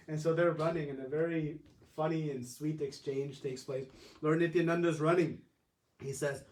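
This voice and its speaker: A male preacher telling a sermon story in an animated way, laughing often. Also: on the high side, normal speed. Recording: roomy distant mic.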